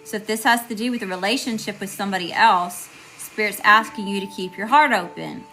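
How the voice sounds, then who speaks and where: A woman's voice: medium pitch, a little fast, pushed and bright. A woman giving a live tarot reading, chatty and informal, greeting viewers and often checking in with "okay?". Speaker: tarot reader.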